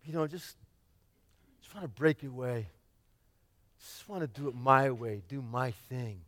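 A man preaching a sermon, retelling a parable with dramatic swings from shouting to near-whispers and acting out the characters. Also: medium pitch, a little slow, dry recording. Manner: acts out the parable's characters in his own voice.

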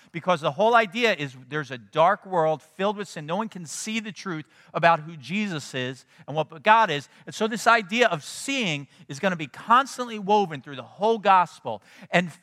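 A man preaching a sermon in a conversational, animated way, often checking in with his listeners. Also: high-pitched, big-room sound. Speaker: pastor.

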